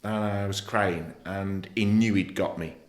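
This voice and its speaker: A man's voice: low voice, fairly even intonation, measured pace, echoey room. A middle-aged man from England, a podcast guest telling his personal story bluntly and emotionally, swearing freely. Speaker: podcast guest, former footballer. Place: podcast studio.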